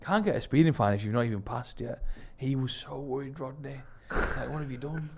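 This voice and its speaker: A young man banters on a podcast at an ordinary middle pitch. He teases his friends in a crude, joking way. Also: normal speed, creaky, noisy background. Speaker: podcast co-host. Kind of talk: casual chat.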